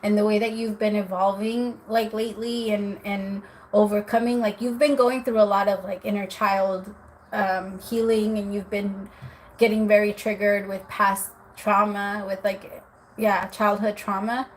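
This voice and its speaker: A woman's voice: mid-range voice, little pitch movement, measured pace, a little hiss or hum. A woman giving a live-stream tarot reading, chatty, with many filler words, calling the viewer "my love". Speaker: tarot reader.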